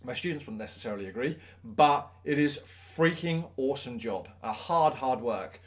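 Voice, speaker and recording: A man's voice: medium pitch, expressive, normal speed. A man, a teacher giving an earnest, emphatic motivational talk to the camera, with self-mocking asides.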